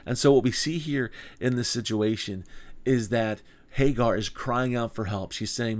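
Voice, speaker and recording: A man's voice: mid-range voice, moderate pace. A man teaching a small group Bible study in an earnest, conversational way, asking rhetorical questions.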